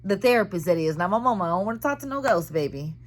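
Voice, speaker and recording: A vlogger in her thirties chats casually from her car, talking candidly and dramatically to viewers about therapy. Her mid-range voice is expressive and fast, and her speech is full of slang.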